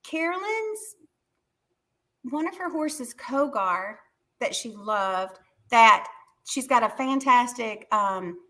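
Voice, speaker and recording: Southern lady author talking on a video call from her barn house, high bright voice, chatty storyteller. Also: slow. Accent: Southern American. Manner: animated storyteller, chatty with restarts. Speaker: author being interviewed. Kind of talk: casual interview chat. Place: her converted barn home.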